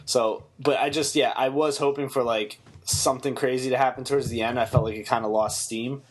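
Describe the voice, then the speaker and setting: A man's voice: mid-range voice, steady tone, a little fast. Blunt, swearing male TV reviewer. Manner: blunt, mocking, swears freely. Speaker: podcast co-host. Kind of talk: casual TV review chat.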